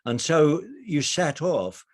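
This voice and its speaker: A middle-aged man giving a storytelling presentation over a video call from a narrowboat kitchen, animated, with frequent restarts. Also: a little high, slow pace. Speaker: speaker.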